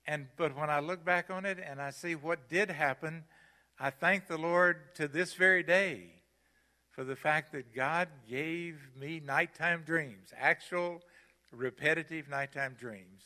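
A man's voice: on the high side, measured pace, pushed and bright. An older man preaching a sermon in a church, emphatic and repeating his key phrases. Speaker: guest preacher. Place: church sanctuary. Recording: long hall reverb in church.

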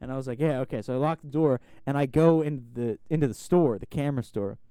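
A man's voice: medium pitch, quick pace, warm tone, smooth, dry recording. A young man telling a long story in casual chat, rambling with lots of filler words and swearing. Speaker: podcast host.

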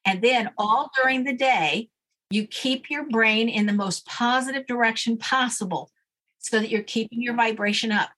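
A woman's voice: fairly high pitch, normal speed, fairly bright tone. A woman guest coach giving confident, matter-of-fact instructions in an interview.

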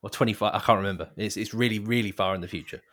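A man's voice: fairly low pitch, very fast, a bit bright. A man co-hosting a casual podcast, making dry jokes and laughing easily. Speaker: podcast co-host. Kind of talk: casual chat.

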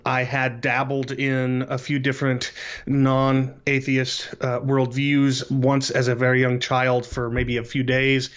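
A man in his late thirties, a podcast guest, telling his life story in a casual interview in an earnest, measured way. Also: mid-range voice. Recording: slightly dull lo-fi audio.

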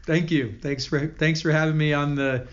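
A man's voice: on the high side, fairly even intonation. A man guest on a podcast telling a personal story in an earnest way, often stopping and restarting his sentences. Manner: earnest, halting with many restarts. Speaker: podcast guest, company founder. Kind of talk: storytelling interview. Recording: dull lo-fi audio.

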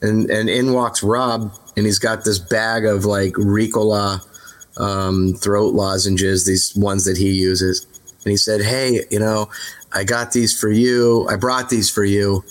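A rock singer being interviewed, telling rambling road stories in a relaxed, candid way, full of fillers and restarts. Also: male voice, lowish voice, slow pace. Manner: relaxed, candid, mildly profane. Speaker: rock singer, podcast guest. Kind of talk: casual interview storytelling.

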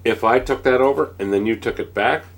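A man's voice: mid-range voice, brisk. A man in a casual chat over a board game, blunt, swearing freely and arguing the rules.

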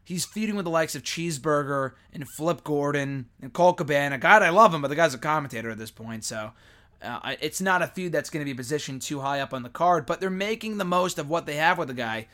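A man casually reviewing wrestling shows, talking in a rambling, opinionated, animated way. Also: on the high side, brisk. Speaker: wrestling commentator.

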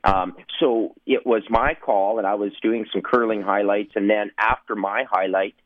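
A man's voice: fairly low pitch, fairly even intonation, normal speed, dry recording. A man, a former sportscaster, telling anecdotes in a rambling way, with lots of fillers and laughing through his stories. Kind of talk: anecdotal storytelling. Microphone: phone line. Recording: tinny phone line.

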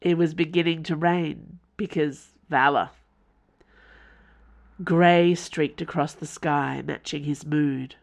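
A woman's voice: deep voice, steady tone, slow, vocal fry. A woman author from Tasmania, reading her fiction aloud as podcast narrator. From Tasmania, Australia.

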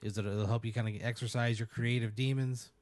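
A man's voice: steady tone, fairly quick, a little mellow, no echo, natural voice. A man voicing a brash, crude male wizard who talks like a casual salesman. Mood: pushy. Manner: casual, swearing, salesman-like pitch.

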